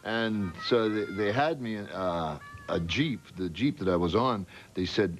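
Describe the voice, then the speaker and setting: A man's voice: fairly low pitch, unhurried, few pauses. A man telling stories as a guest on a talk show, laughing often. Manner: laughing, animated storyteller. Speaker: wrestler and actor, guest. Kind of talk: casual talk show banter.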